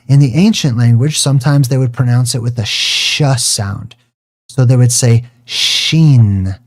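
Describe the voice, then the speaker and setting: A man with a dark, mellow voice at an ordinary pitch talks through his screen in a loose, rambling lecture. He keeps wandering off on side tangents, then slows right down to draw out single words for emphasis. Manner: digressive, drifts off on tangents. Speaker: video host.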